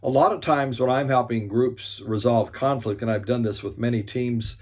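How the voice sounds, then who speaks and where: Husky guy giving a motivational talk, earnest, slows way down on the main points. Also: mid-range voice, fairly even intonation, darkish tone. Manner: earnest, stresses points slowly, restarts often. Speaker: speaker on conflict resolution.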